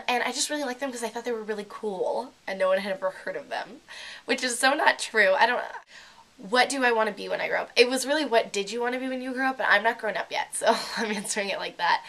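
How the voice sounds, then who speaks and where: Teen girl beauty vlogger, bright voice, chatty and giggly, lots of ums, talking into a laptop cam. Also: mid-range voice. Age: late teens. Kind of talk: casual chat to camera. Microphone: laptop webcam.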